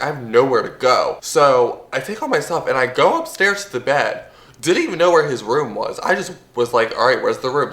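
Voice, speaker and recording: A man's voice: mid-range voice, fairly bright tone, roomy sound. A young man telling a story to camera in a chatty, casual way, full of fillers and swearing. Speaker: vlogger.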